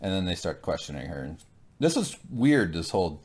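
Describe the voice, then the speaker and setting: A man's voice: sits low, big pitch swings, a little fast, darkish tone, slightly rough. A man co-hosting a casual TV recap podcast, joking and breaking into silly voices. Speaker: podcast co-host.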